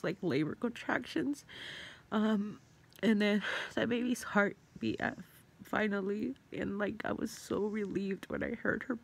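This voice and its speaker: Gravelly young woman telling a story. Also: medium pitch. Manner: rambling, heavy use of "like" and fillers, swears. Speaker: vlogger. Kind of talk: casual personal storytelling.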